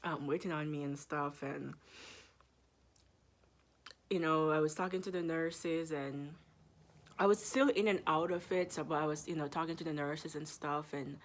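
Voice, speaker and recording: A woman's voice: low voice, steady tone. A young woman in her twenties, a medical student, telling a story in a casual vlog with lots of fillers and laughter. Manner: chatty, laughs often, drawn-out fillers.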